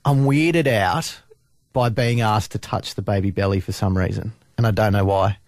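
A man's voice: fairly low pitch, normal speed, no echo, clean studio sound. A man co-hosting a radio show, chatting playfully and laughing easily. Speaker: radio co-host. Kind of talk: casual on-air banter. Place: radio studio. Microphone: studio microphone.

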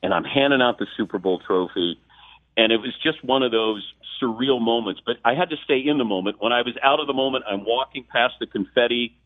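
A man's voice: mid-range voice, brisk, dry recording. Man on a tinny phone line. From Ohio. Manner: animated storyteller, acts out quotes. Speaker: sportscaster guest. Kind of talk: phone-in radio interview, storytelling.

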